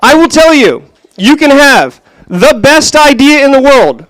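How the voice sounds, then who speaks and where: A man's voice: very high voice, very animated, measured pace, fairly bright tone, dry recording, low-quality recording. A man hosting a live kickoff event as its director, joking with the crowd and walking through the rules. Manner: upbeat, joking crowd work. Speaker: event host and center director. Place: event room with an audience.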